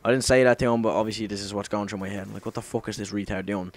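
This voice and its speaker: A man's voice: fairly low pitch, fairly even intonation, very fast. Young man swearing through a rambling story. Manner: rambling, heavy swearing, self-correcting. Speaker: gaming commentator. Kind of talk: casual storytelling over gameplay.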